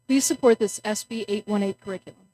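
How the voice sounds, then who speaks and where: A woman's voice: mid-range voice, warm tone, slight background noise, low-quality recording. A woman parent giving a prepared, earnest public comment at a school board meeting. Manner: earnest, measured, reading from notes.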